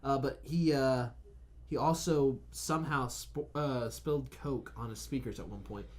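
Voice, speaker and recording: A man co-hosting a casual gaming podcast. He tells animated stories, swears freely, and often stumbles and repeats his words. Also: mid-range voice, normal speed. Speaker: podcast co-host.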